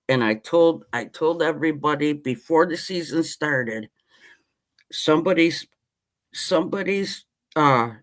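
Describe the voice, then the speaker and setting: A man, ranting passionately about his team as a podcast host in casual chat. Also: mid-range voice. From Western New York. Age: 50s. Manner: impassioned, rambling sports-fan rant.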